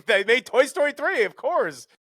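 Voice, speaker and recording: A man's voice: extremely high pitch, very animated, moderate pace, a bit bright, no echo, studio quality. A man riffing sarcastically as a guest in a casual podcast chat.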